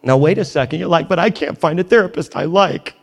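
A man's voice: a little high, a little fast, gravelly. A man pastor preaching a sermon in a church, emphatic and conversational with joking asides. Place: church in New York.

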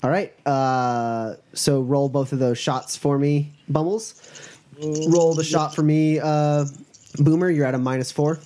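A man running a tabletop game as game master, narrating with many pauses and filler sounds. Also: on the high side, steady tone, warm tone, slight background noise.

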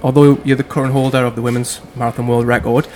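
An eager Geordie man hosts a relaxed podcast chat. He talks quickly, often restarting his sentences mid-thought. A clear layer of background noise runs under his voice throughout. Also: mid-range voice. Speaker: podcast host. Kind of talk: casual interview.

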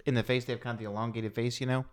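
A man co-hosting a casual chat podcast, jokey and quick to laugh. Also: mid-range voice. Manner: animated, laughs often, jokey. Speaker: podcast co-host.

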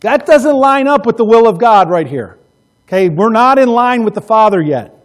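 A male pastor preaching a sermon, emphatic, repeating key phrases and swinging between loud passages and hushed ones. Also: very high voice, expressive, normal speed.

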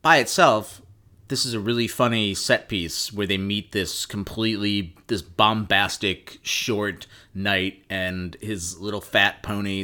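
Male co-host, low voice, bright tone, rambling casual chat. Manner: rambling, profane, enthusiastic. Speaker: podcast co-host.

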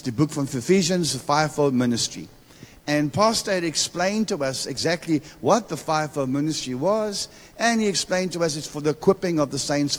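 A man with a South African accent preaching a church sermon as a guest prophet, repeating words and calling for amens with playful asides. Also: on the high side. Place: church hall. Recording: long reverb of a church hall.

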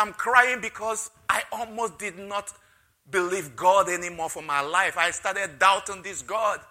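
Male pastor, sermon with testimony; high and piercing, emotional, punches key phrases. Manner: emotional storytelling, rising loud on key phrases.

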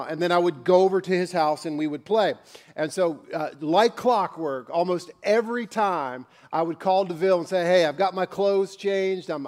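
A man's voice: high-pitched, a little mellow. A man preaching a sermon as pastor, telling a personal story with many fillers and restarts.

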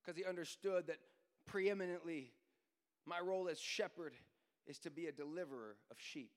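A man preaching a sermon as pastor, going from quiet storytelling to shouted, sing-song preaching. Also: fairly high pitch, normal speed, big-room sound. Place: church sanctuary.

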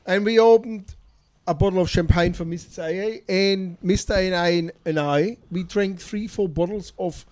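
A man's voice: high voice, moderate pace, darkish tone, dry recording. A man in his fifties chatting loosely on a community radio show, rambling and laughing easily. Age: 50s. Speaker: radio co-host. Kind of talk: casual radio banter.

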